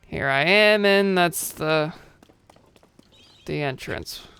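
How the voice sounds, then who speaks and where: This is a game streamer talking casually through a play session, chatty and self-mocking, with the odd silly made-up word. The voice is bright and lively in tone. It comes through smooth and crisp. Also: mid-range voice, takes it slowly, soft background music. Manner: chatty, self-mocking, playful nonsense words. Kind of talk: casual gameplay commentary.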